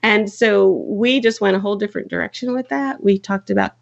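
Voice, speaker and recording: A woman, a children's book author, chatting in an interview and telling stories, animated when quoting others. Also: medium pitch, brisk, creaky, lo-fi sound. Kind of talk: casual interview storytelling.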